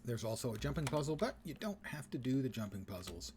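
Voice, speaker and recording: A man's voice: medium pitch, big pitch swings, fast, noisy background. A man giving casual, joking commentary while playing a video game on a live stream. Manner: wry, joking asides.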